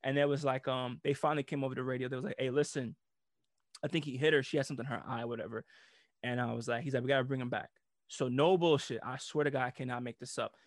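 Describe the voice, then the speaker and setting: A man in his thirties, a former police officer, telling a story in casual chat, animated and profane and laughing often. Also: mid-range voice, fast, dry recording, clean studio sound.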